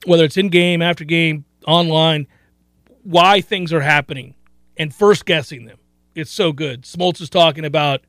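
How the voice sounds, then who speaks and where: A man hosting a sports radio show in a studio, telling stories in animated, exclaiming bursts. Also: on the high side, no room sound. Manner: animated storytelling, rising to loud exclaiming. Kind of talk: casual sports radio chat. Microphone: studio mic.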